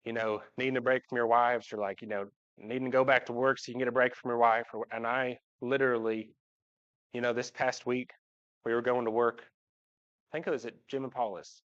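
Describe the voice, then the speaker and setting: A man's voice: medium pitch, level tone, fairly quick. Joking man in a church. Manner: warm, joking, heartfelt. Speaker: father speaking to the congregation. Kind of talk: personal church talk. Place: church sanctuary, at the front. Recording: dull livestream audio.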